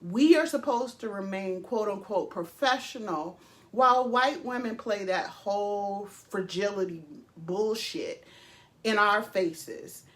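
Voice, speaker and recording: A woman vlogger giving casual, emphatic opinion commentary, swearing freely and pausing often with fillers. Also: mid-range voice, fairly bright tone. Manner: emphatic, profane, with frequent pauses and fillers.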